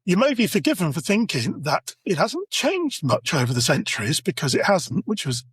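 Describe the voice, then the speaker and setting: A fairly high, husky-voiced British man hosting a history podcast. He narrates with lively swings of pitch and teases the others dryly. The sound is close and dead, with no room around it. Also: normal speed, dry recording. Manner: teasing, storytelling narration. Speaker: podcast host. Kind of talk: casual comedic history podcast.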